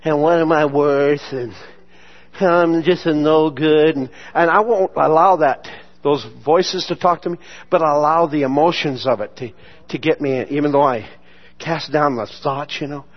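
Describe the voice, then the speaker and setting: A man's voice: on the high side, moderate pace. A male pastor telling a personal testimony in a sermon, acting out the voices he quotes and laughing often. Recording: muffled lo-fi sermon recording.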